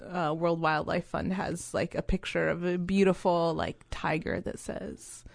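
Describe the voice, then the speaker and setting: Casting: low-voiced woman co-host, plain explanatory tone, dry sound. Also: steady tone, unhurried, gravelly, no room sound. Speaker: podcast co-host. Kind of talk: casual chat with history asides.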